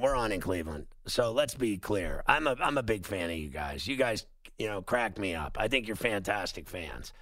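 A man's voice: medium pitch, gravelly, pushed and bright, dry recording. A man hosting sports talk radio, ranting with sarcastic, emphatic outbursts. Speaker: sports talk show host.

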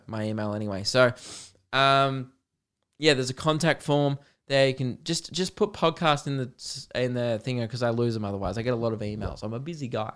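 Young man, podcast host, casual rambling chat, swears a lot, clear smooth voice, mid pitch. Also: fairly bright tone. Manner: rambling, chatty storytelling with frequent fillers and swearing.

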